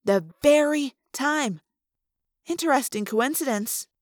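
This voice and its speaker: A woman reading an audiobook, voicing a sharp, thoughtful teenage girl who fires off quick, eager questions. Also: sits high, no room sound, clean studio sound, voice pushed up. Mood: excited. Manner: quick questioning bursts, rising in excitement.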